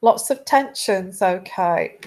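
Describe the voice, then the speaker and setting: Slow-talking tarot reader. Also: female voice, mid-range voice, lively intonation, a little mellow. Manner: rambling, halting, many restarts. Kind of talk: casual intuitive reading chat.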